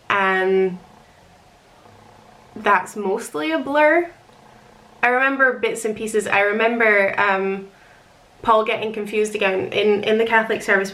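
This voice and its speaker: A woman's voice: mid-range voice, a bit bright. A young woman telling a long, rambling personal story in a chatty, emotional way, often laughing. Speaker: author recounting her wedding.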